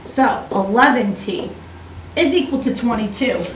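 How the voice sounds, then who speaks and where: A woman's voice: on the high side, lively intonation, measured pace, roomy sound, recorded from a distance, slight background noise, rough recording. Woman putting on an Aussie teacher saying "mate". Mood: jokey. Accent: Australian, put on. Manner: jokey, calls students "mate". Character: Australian-accented woman math teacher. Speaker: math teacher. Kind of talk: math lesson in a put-on accent.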